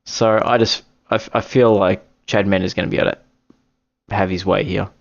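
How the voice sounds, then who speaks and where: A man's voice: fairly low pitch, steady tone, a little fast, gravelly, highs cut off. A man talking on his own in a casual, rambling way, often correcting himself and apologizing. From Australia. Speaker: podcast host giving fight picks. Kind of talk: casual solo commentary.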